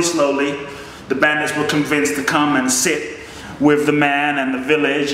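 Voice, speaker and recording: A man's voice: a little high, fairly bright tone, heavy reverb, in a large hall, distant mic, a little hiss or hum, rough recording. A man giving an impassioned motivational speech and telling a story as a life coach.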